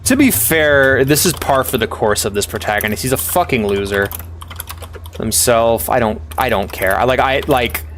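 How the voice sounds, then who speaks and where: There's a little hiss or hum under this man's slightly bright, mid-range voice, which moves at normal speed. Live-streaming a game, he vents to viewers with heavy swearing, tripping over himself and restarting often.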